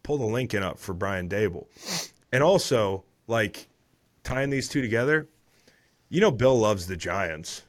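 Low-voiced guy in his 30s riffing on football, swears a lot, rambling, gets loud and excited. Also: measured pace. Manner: animated, swears, rambling asides. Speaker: podcast host, former NFL player. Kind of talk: casual sports recap chat.

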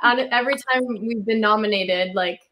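A young woman in her twenties from Canada, a singer guest on a podcast, talking in a relaxed way full of "like". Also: mid-range voice, moderate pace, a little hiss or hum. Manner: relaxed, heavy use of "like". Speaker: guest, country music singer. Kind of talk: casual interview chat.

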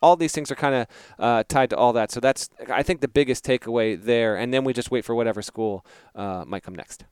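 A man reporting as a guest on a casual sports podcast, explaining in a measured way and trailing off softly. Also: mid-range voice, smooth, no echo, clean studio sound.

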